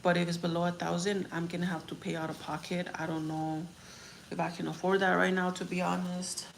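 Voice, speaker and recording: A woman's voice: fairly low pitch, little pitch movement, a little fast, creaky. A young woman talking casually on a livestream, reading comments and telling a story in a frank, rambling way with swearing. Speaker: vlogger on a livestream. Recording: faint background noise.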